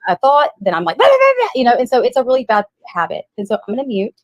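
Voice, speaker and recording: A woman's voice: on the high side, rapid-fire, dry recording, rough recording. A woman in a heated live-stream argument, angry and foul-mouthed, who talks over the others and then explains at length.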